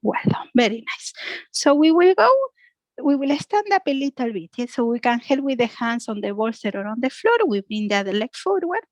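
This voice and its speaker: Female yoga teacher, non-native speaker, soothing slow instructions with a tag "yeah?", fairly high voice. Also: sing-song, no echo, poor audio. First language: Spanish. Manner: soft, slow cues ending in "yeah?". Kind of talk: guided yoga class.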